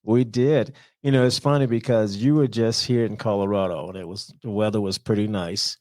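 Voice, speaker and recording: A man's voice: lowish voice, fairly even intonation, normal speed, a little mellow, no room sound. A man hosting a podcast, chatting casually and laughing easily with his co-host.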